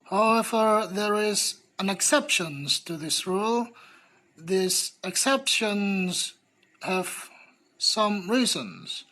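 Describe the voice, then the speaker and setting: A young woman student reading a class presentation slowly and carefully, with small grammar slips. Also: medium pitch, animated, a bit bright, poor audio.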